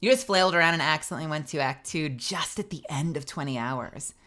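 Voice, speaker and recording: A woman voice actor chats with her stream in a loose, rambling way, with lots of fillers. Her voice sits a little low, but its tone comes through bright and crisp. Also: fast, hardly any pauses. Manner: chatty, rambling, filler-heavy. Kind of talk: casual live-stream chat.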